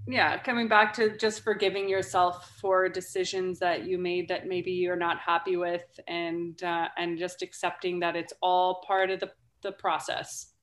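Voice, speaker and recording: A woman's voice: fairly low pitch, flat delivery, a little slow, hardly any pauses, roomy sound. A woman speaking bluntly in a casual podcast conversation, swearing freely and laughing often. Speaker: guest, founder of a mothers' group.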